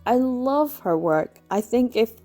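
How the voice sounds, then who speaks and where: Scottish woman, book vlogger, warm mellow tone, enthusiastic casual chat. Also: fairly high pitch, lively intonation, takes it slowly, faint music behind. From Scotland. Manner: chatty and enthusiastic, laughs often.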